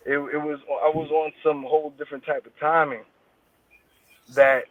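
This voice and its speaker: A man's voice: a little high, level tone, normal speed. Fields: man, tinny line, slangy guest. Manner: loose street slang, heavy swearing. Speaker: interview guest. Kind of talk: casual interview chat. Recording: tinny phone-like line, dry.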